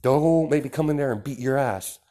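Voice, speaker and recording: A man voicing a fierce, loud adult mother who scolds and threatens in a fan-made story. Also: lowish voice, normal speed, natural voice. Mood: angry scolding.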